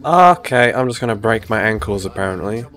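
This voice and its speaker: A man's voice: on the low side, lively intonation, fairly quick, fairly bright tone, faint music behind. Male let's-player, a little ill, sarcastic and foul-mouthed, casual running commentary. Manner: joking, sarcastic, swears often. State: sick. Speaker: gaming YouTuber.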